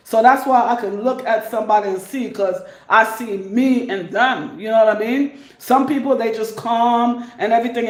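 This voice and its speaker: Emphatic New woman in echoey room. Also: fairly high pitch. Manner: emphatic, rambling, repeats points for stress. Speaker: vlogger. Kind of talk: casual advice monologue to camera.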